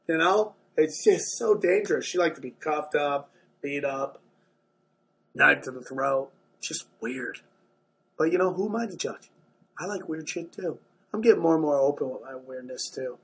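A man doing stand-up comedy, telling a wild story with lots of swearing, jumping into excited outbursts. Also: moderate pace, husky. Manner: animated, swearing, jumps into excited high outbursts.

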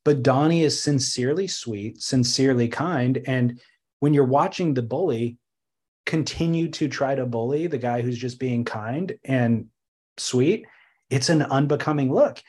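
A man co-hosting a relaxed podcast conversation. His voice sits at an ordinary middle pitch, and his talk is lively and storytelling, rising into bursts of emphasis. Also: unhurried, slightly rough. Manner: animated, thoughtful storytelling with sudden bursts of laughter-tinged emphasis. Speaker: podcast co-host. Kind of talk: casual podcast chat.

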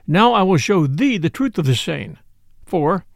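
A man's voice: high voice, sing-song, measured pace, creaky, dry recording, clean studio sound, heavily acted. A man voicing a jolly, bold outlaw leader who speaks in archaic, courtly old-fashioned English. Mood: merry.

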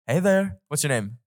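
A male host chatting casually with fans, his pitch jumping all over in a lively, animated way. He throws in playful, teasing quips, and his voice sits close and dry. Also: dry recording.

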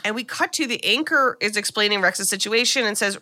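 Podcast co-host, woman, bright tone, lively storytelling, voices the characters. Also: medium pitch, a little fast, hardly any pauses. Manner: animated, acts out characters' lines. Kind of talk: casual movie recap.

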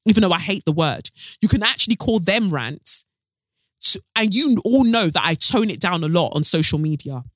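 A woman's voice: on the low side, expressive, moderate pace, a bit bright, no echo. A woman hosting her own podcast, speaking alone into a close mic in a blunt, fiery, swearing way. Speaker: podcast host. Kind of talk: solo podcast monologue.

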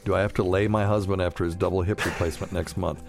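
A man's voice: low voice, fairly even intonation, fast, vocal fry, darkish tone, soft background music. A man hosting a casual live-stream podcast, chatting loosely and joking with chuckles. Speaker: podcast host.

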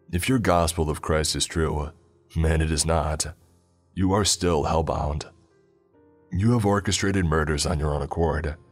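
A cruel, disembodied prophet, voiced by a man speaks in a cold, harsh, mocking tone with a garbled edge. The voice sits very low and heavy, with faint music beneath it in this spoken story. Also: husky. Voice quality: garbled, distorted.

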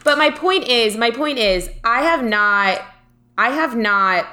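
A young woman co-hosting a relaxed conversation, with a bright, forward tone. She tells stories animatedly, full of fillers and self-corrections. Now and then a casual swear slips in. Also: a little high, slow.

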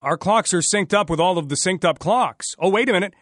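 A man's voice: sits high, brisk, a bit bright, no room sound, studio quality. Chatty Canadian man hosting talk radio. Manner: chatty and sarcastic, jokes with mock voices. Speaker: radio talk show host.

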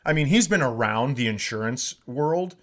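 A man in his fifties telling a comic story as a podcast co-host, animated, swearing and bursting into shouts. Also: mid-range voice, normal speed. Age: 50s. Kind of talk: comedic storytelling.

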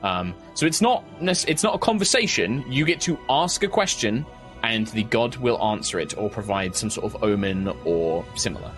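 A man acting as game master, reading spell rules and narrating the scene, with slow pauses and filler between descriptions. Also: lowish voice, lively intonation, fairly bright tone, faint music behind. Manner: reads spell rules briskly, slows for vivid scene description.

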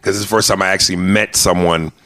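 A man's voice: sits low, fairly even intonation, fast, fairly bright tone, no echo. A male comedian hosting a podcast, chatting casually in a rambling, profane way with many restarts.

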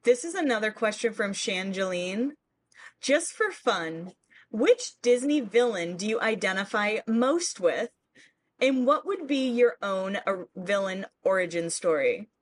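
A woman's voice: mid-range voice, animated, unhurried. A woman with a Boston accent co-hosting a podcast in casual chat, giggling as she reads out listener questions, in a hazy, stoned state. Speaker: podcast co-host.

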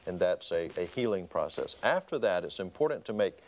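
A male marriage therapist calmly explaining a counseling method on a talk show. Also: low voice, brisk. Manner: calm, explanatory.

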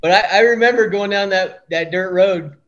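A laid-back man from Iowa, chatting plainly as a guest. His voice sits a bit high. The audio is dull and lo-fi. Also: moderate pace. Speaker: hunting outfitter guest. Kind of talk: casual chat.

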